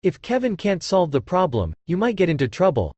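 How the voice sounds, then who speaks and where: A man voicing a calm young son-in-law who speaks flatly and offhandedly, in an audiobook. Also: high-pitched, fairly quick, slightly rough, no echo, muffled recording, full character voice. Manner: flat and offhand.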